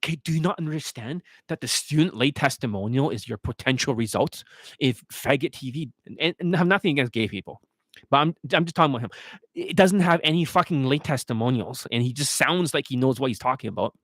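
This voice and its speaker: A man's voice: mid-range voice, animated, brisk, a bit bright, no room sound. Profane, ranting man with a dry sound. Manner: profane, scornful, aggressive ranting. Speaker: dating coach. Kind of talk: ranting monologue.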